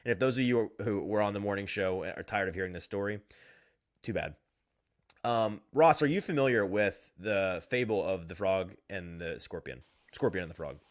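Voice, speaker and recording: A man hosting a sports talk show, reading out fan comments and ranting in an animated way with frequent chuckles. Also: deep voice, normal speed. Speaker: sports podcast host.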